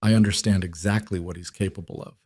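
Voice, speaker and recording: A man voicing a mafia boss who speaks smoothly, calmly and with quiet command. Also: deep voice, fast talker, no echo, clean studio sound. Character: calm, dangerous male mafia boss.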